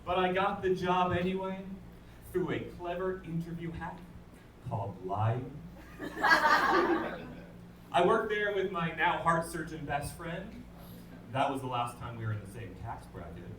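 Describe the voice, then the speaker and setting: A man's voice: on the high side, very animated, unhurried, long pauses, very noisy. A man, doing a stand-up comedy set with dry, self-deprecating punchlines. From England. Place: comedy club stage. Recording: roomy club sound from a distance. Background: audience laughter.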